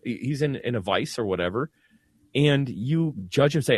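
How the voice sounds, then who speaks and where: A man's voice: medium pitch, normal speed, husky. A man who is a Catholic priest, talking earnestly in a casual discussion, often restarting his sentences. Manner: earnest, animated, many restarts.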